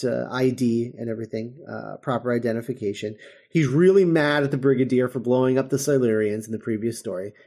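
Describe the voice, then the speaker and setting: A man's voice: mid-range voice, a little mellow. A man hosting a podcast, recapping a TV episode in a rambling, casual way with many restarts. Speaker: podcast host.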